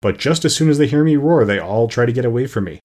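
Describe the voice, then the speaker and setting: A man's voice: medium pitch, lively intonation, fast talker, a little mellow, lightly acted. A man reading an audiobook, voicing a huge timid male lion who is sad and self-pitying. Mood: plaintive.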